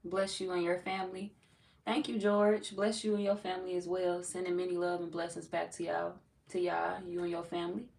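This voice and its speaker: Gravelly low-voiced woman chatting live. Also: level tone, fairly quick, darkish tone, distant mic. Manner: loose and playful, reads viewer comments aloud, laughs often. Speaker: tarot reader greeting live chat. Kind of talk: casual livestream chat.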